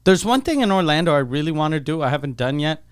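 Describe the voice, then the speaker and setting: A man speaks in a slightly raised voice on a loose comedy podcast. He mostly cuts in with short, wry remarks and the odd deadpan joke. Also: a little high, fast, clean tone. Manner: wry, short interjections and dry jokes. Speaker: podcast co-host. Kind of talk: casual comedy podcast chat.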